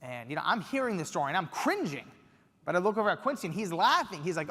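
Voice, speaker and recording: Young man, from los angeles, lively keynote storytelling, long hall reverb. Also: high voice, fast talker. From Los Angeles, USA. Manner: animated, acts out quotes. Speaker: keynote speaker. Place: conference hall stage.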